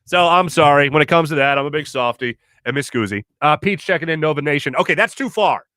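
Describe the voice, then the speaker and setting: Animated, bright-voiced sports talk host. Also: male voice, fairly high pitch, quick pace, no room sound, studio quality. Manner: animated, rambling, self-correcting. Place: radio studio.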